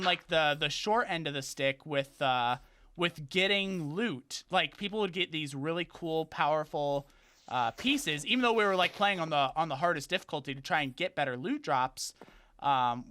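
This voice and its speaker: Excitable male streamer, fairly high bright voice, chatty let's-play commentary with faint noise behind. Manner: excitable, talks to game enemies, frequent exclamations. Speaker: gaming streamer.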